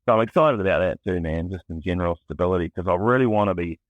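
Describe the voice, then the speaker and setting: A man from New Zealand with a New Zealand accent, talking candidly and excitedly as a podcast guest, swearing freely and often restarting his sentences. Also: sits low, quick pace, dry recording, phone-quality sound. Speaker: podcast guest, music producer. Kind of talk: casual chat.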